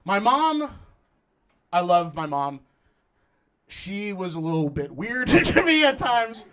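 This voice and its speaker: A young man does stand-up on a comedy club stage before a live audience, acting out voices and laughing through his lines. His voice is high, sing-song, and sharp, delivered at a slow pace.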